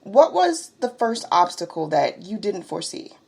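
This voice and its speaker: A woman's voice: mid-range voice, big pitch swings, moderate pace, vocal fry, a little mellow, husky. A woman hosting an interview, enthusiastic and gushing, with casual slang. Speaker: podcast host.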